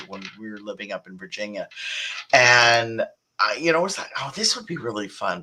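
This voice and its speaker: A woman being interviewed as an author, answering in a halting way with restarts and laughs as she talks. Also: extremely low pitch, bright, forceful tone, poor audio. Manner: halting, many restarts and fillers, laughs while talking. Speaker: author and guest.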